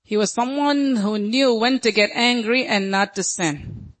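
A woman's voice: on the high side, a little slow. A woman pastor preaching a sermon in an emphatic, dramatic way, often acting out quotes.

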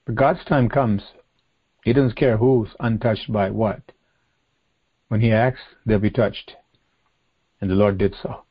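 A man preaching a sermon, reading scripture aloud and explaining it earnestly, slowing down and repeating phrases for emphasis. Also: fairly low pitch, fairly even intonation, husky, dull audio. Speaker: pastor. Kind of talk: sermon, expository Bible teaching.

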